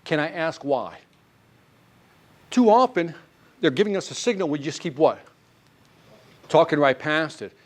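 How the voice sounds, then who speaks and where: Male sales trainer, lively and fairly high-pitched, teaching a live class with lots of audience questions. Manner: animated, quizzes the audience with quick questions. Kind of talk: live sales seminar talk.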